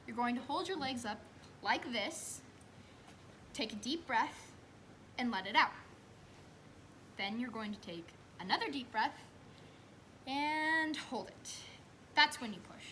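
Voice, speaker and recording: A young woman quoting a calm male doctor in a stage monologue, in a coaxing, instructive way. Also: on the high side, a little hiss or hum.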